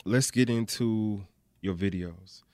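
A man hosting a casual interview, asking questions in a relaxed, easygoing way. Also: lowish voice, takes it slowly. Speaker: interview host.

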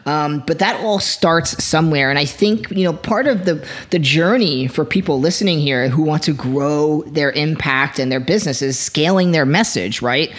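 Podcast host, rambling questions, lots of fillers, mid pitch. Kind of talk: interviewing.

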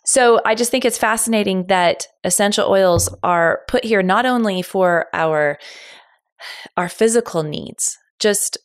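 A woman's voice: medium pitch, measured pace, smooth, no room sound, clean studio sound. A woman hosting an interview podcast, eager and smiling as she talks about a subject she loves. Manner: eager, smiling, self-described oil nerd. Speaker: podcast host. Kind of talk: enthusiastic interview chat.

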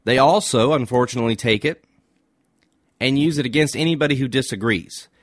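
A man delivers a brief teaching on faith in a measured, sermon-like way. He builds his point through simple everyday examples. The recording is dry and close, with no room sound. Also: medium pitch, no echo. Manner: measured, illustrative preaching. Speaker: Christian speaker.

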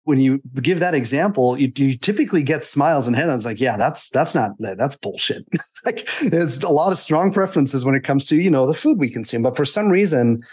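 A man's voice: on the high side, lively intonation, fairly quick, darkish tone, husky. A man who co-founded a company, speaking as an interview guest in a chatty, explanatory way with frequent fillers. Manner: conversational, explanatory, filler-heavy. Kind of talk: business interview.

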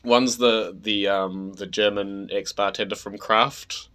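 A man co-hosting a casual chat, telling stories in a halting, rambling way with many restarts. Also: fairly low pitch, steady tone, sharp tone, clean tone. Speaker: podcast co-host.

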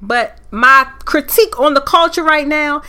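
Her voice sits high and keeps a normal speed as she rants alone on her podcast, preaching with growing fury. The tone is fiery and preachy, loud in places.

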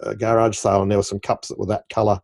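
Host: man, warm dark tone, playful anecdotal questioning. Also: fairly low pitch, level tone, very fast, vocal fry. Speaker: interviewer. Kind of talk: interview conversation.

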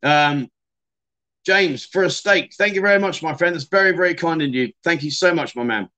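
A man's voice: on the high side, normal speed, pushed and bright, dull audio. A middle-aged man, hosting a casual livestream and chatting loosely with many fillers and restarts. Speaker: livestream host.

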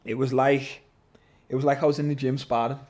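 A man, a guest telling his story in an animated, casual way, swearing and calling everyone lad. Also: mid-range voice, a little fast. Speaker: podcast guest, MMA fighter.

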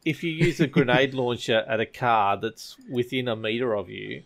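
A man hosting a casual gaming podcast, talking in a relaxed, rambling way. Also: mid-range voice, moderate pace, vocal fry. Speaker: podcast host.

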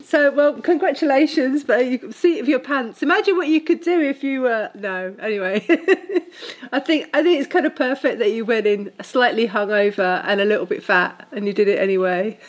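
Woman, podcast host, playful, teasing, laughs along, high-ish voice. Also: normal speed. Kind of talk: casual interview.

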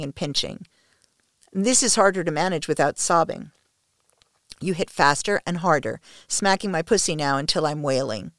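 A woman narrating an intimate first-person story in a soft, hushed, slow manner. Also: sits low, no room sound, studio quality.

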